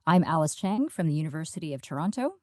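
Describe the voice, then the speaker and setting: A woman podcast host who banters playfully and laughs easily. Her lowish voice moves around a lot in pitch. The sound is dry and close, with no room around it. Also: lively intonation, quick pace, dry recording. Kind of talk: scripted podcast intro and banter.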